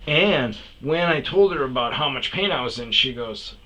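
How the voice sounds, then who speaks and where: A man's voice: medium pitch, expressive, normal speed, bright, forceful tone, poor audio. A man hosting a podcast, telling a story in a profane, heated rant that keeps restarting its sentences. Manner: swears often, restarts sentences, gets heated. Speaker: podcast host.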